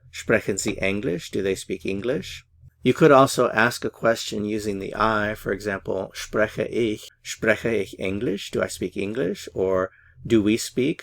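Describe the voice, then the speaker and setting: Man, language lesson, fairly low voice, slow careful example phrases. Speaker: German teacher.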